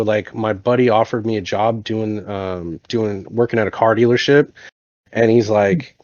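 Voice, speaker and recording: A man's voice: fairly low pitch, fairly even intonation, normal speed, no room sound. A man chatting casually as a podcast guest, telling stories in a blunt, profane, emphatic way. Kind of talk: casual chat. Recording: dull, dry lo-fi sound.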